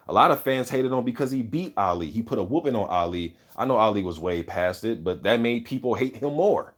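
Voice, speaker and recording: A man with a fairly low voice hosts an unscripted boxing talk, riffing on viewer comments. He speaks in a loose, profane, opinionated way. He keeps checking in with "you know what I'm saying". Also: expressive, a little fast, few pauses. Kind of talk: casual unscripted chat.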